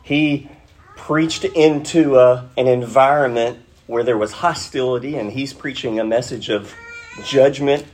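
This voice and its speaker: Slow, husky-voiced male preacher. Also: mid-range voice, darkish tone. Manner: teacherly, with rhetorical questions. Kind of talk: expository sermon.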